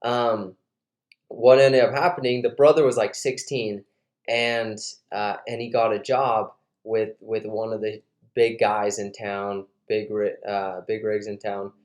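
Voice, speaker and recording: Male host, casual and animated, recorded in a roomy space. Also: lowish voice, measured pace. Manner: animated storyteller, lots of fillers. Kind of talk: casual interview storytelling. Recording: roomy echo.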